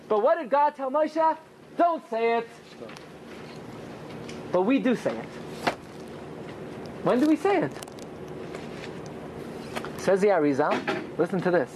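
Man, rabbi, Torah class, rhetorical questions, pitch rising and falling for emphasis, faint background hiss. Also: very animated, measured pace, pauses often. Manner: asks rhetorical questions and answers them himself; swings between high and low pitch for emphasis. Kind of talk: Torah class with Talmud study.

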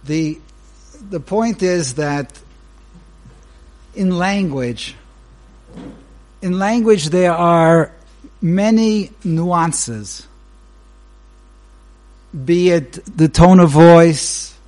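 A man, a rabbi, giving a Torah lecture that opens with a joke, speaking unhurriedly and pausing between short phrases. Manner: animated storyteller whose pitch leaps while telling a joke.

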